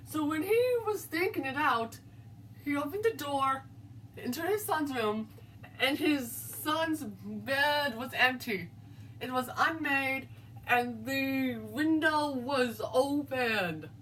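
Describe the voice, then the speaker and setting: A woman's voice: high-pitched, lively intonation, a bit bright. A woman telling a spooky story in a casual, rambling way, full of halts and restarts. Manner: rambling, halting narration with restarts. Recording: distant mic, faint background noise.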